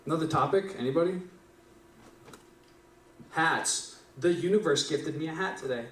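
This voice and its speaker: A man's voice: fairly high pitch, moderate pace, fairly bright tone. A young man at an open mic, rambling through a profane story and often tagging lines with "right?". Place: small live venue stage. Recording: echoey room, distant mic.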